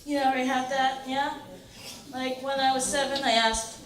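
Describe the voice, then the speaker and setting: A young woman doing a stand-up comedy set in a comedy club, chatty and halting with many fillers and laughs. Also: high voice, fairly even intonation, fairly bright tone, far from the mic. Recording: echoey club room with noise.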